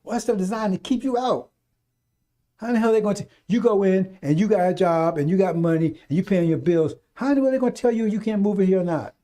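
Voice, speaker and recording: Fiery, preachy man with high, dark voice. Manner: fiery, preachy, swears, mimics voices in asides. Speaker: radio talk host. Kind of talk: rambling radio monologue.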